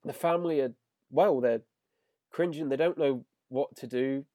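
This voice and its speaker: A man's voice: medium pitch, normal speed, mellow, no echo. Dry-sounding man chatting about an episode. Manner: enthusiastic, paraphrasing scenes with filler words. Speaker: podcast host. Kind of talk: casual chat reviewing an episode.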